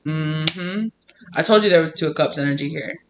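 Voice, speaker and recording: A man giving a casual tarot reading to camera, animated and emphatic, often breaking into laughter. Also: on the high side, normal speed, background noise. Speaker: tarot reader.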